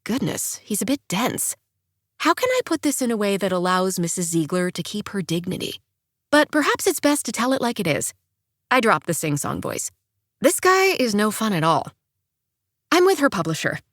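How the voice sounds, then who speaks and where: A woman narrating a first-person romance audiobook in a chirpy, expressive way, with bright sing-song dialogue. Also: mid-range voice, moderate pace, no room sound, clean studio sound.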